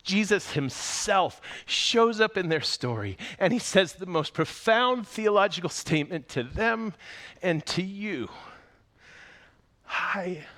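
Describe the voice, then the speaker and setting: Conversational male pastor. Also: fairly high pitch. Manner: conversational, expressive storytelling. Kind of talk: sermon with story reading.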